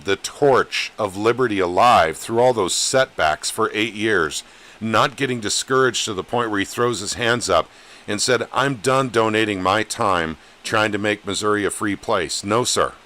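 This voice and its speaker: A man over thirty-five hosts a live podcast chat in a plain-spoken, rallying way, and his voice sits a little low. His tone is bright and forward. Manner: plain-spoken, rallying, calls viewers "gang". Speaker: podcast host. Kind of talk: casual live-stream chat.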